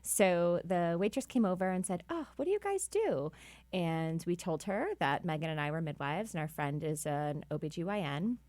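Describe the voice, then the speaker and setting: A woman's voice: deep voice, moderate pace, few pauses, a little mellow, no echo. A woman, a midwife co-hosting a podcast, chatting and telling stories in a casual way.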